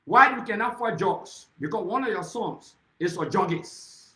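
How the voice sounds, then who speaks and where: A man's voice: sits high, lively intonation, normal speed, hardly any pauses, sharp tone, echoey room, poor audio. A man with a Liberian accent giving an impassioned, accusatory political speech, repeatedly addressing his target by name. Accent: Liberian English. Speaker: political speaker.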